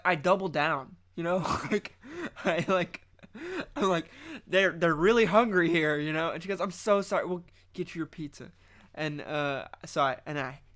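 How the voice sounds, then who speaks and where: A man's voice: fairly high pitch, fairly bright tone. A young man hosting a casual podcast, rambling through a funny story with lots of restarts. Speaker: podcast and stream host. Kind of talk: casual chat.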